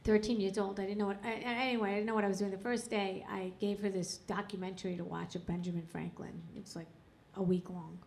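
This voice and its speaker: A middle-aged comedian works a club crowd with crude, self-deprecating stand-up, holding a handheld mic. She talks fast with few pauses in a creaky, slightly mellow, steady medium-pitched voice. Crowd laughter fills the live recording, which has a little hiss or hum.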